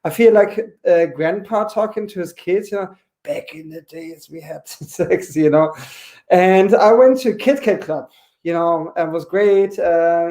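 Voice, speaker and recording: A man's voice: sits high, dark tone. A man in his forties doing a campy, chatty stand-up comedy set online, peppering his talk with "you know". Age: 40s. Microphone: home webcam mic.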